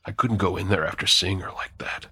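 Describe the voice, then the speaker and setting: A man voicing a grieving, secretive middle-aged husband who speaks quietly and tensely. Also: fairly low pitch, measured pace, husky, no room sound, clean studio sound. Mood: strained. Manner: quiet, strained.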